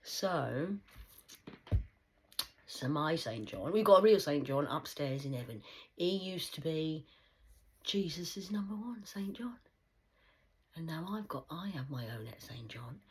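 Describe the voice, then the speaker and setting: Very husky low-voiced woman channelling spirits. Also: expressive, measured pace, pauses often. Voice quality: very husky, breathy voice. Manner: profane, swings between loud outbursts and hushed whispers. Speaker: self-styled medium channelling spirits. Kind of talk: rambling channelled monologue.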